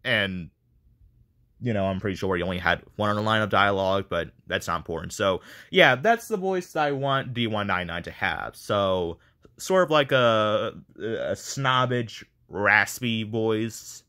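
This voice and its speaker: Animated and unhurried, a man with a fairly low, bright, forceful voice chats casually with viewers. He's a video creator running a voice casting call, and he rambles on with self-deprecating humor.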